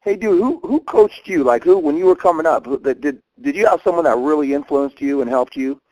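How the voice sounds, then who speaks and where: Loud, eager male podcast host. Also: fairly high pitch, lively intonation, a little fast, dry recording, low-quality recording. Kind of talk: casual interview questions.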